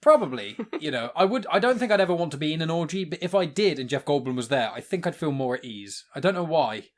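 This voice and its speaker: A man's voice: a little high, sing-song, fast. A man hosting a podcast in casual chat, rambling and laughing often as he goes off on tangents. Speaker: podcast host.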